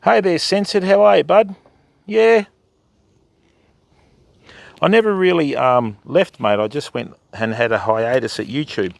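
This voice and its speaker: A man's voice: on the high side, measured pace, creaky, long pauses, no echo. An older Australian man hosting a fishing livestream from a river at night, chatting casually to his viewers and calling them mate and bud. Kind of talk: casual live-stream commentary. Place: outdoors by a river at night, wading in the water.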